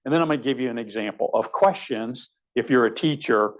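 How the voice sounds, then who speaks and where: A man's voice: medium pitch, fairly quick, lo-fi sound. A man, a surgeon, giving a conversational teaching lecture, wry and anecdotal with frequent fillers. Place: lecture hall.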